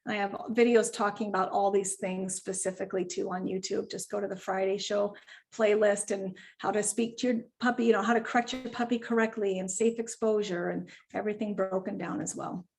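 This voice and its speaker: A woman dog trainer coaching clients over a video call, animated and quick to act out owners and puppies. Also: mid-range voice, gravelly. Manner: animated, acts out owners and puppies in quoted voices. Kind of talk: virtual client training session.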